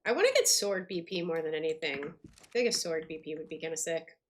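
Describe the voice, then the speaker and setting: A woman's voice: low-pitched, fast talker, a little hiss or hum. A woman streaming a game, chatting casually and thinking aloud with lots of fillers. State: hiccups. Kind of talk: casual gameplay commentary.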